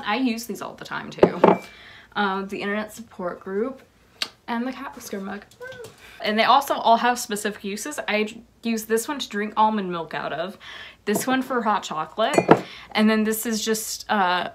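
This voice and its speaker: A woman's voice: medium pitch, normal speed, background noise. A young woman rambling casually in her bedroom, showing off her fan merchandise, with lots of "like" and giggles. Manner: rambling, giggly, says "like" a lot. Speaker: vlogger. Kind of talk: casual show-and-tell vlog.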